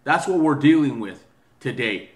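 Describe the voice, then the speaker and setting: A man's voice: medium pitch, lively intonation, moderate pace. Agitated man ranting in an echoey room. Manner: agitated, repetitive, stammering restarts. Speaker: video commentator. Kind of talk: angry opinion rant.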